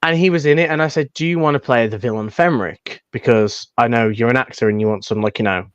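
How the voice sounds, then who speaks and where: A man's voice: mid-range voice, fast talker, clean tone, no echo, dull audio. A young British man, a fan filmmaker, chatting casually and rambling with many restarts. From United Kingdom. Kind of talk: casual chat.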